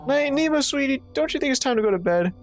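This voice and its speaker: A woman voicing a gentle, grieving mother who speaks tenderly to her child in a game, with faint music behind. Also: high-pitched, lively intonation, fast, voice pushed up.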